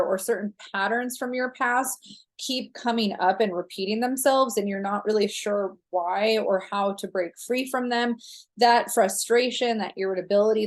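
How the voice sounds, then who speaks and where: A woman astrologer talking through a monthly horoscope in a casual, rambling way with frequent fillers. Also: medium pitch.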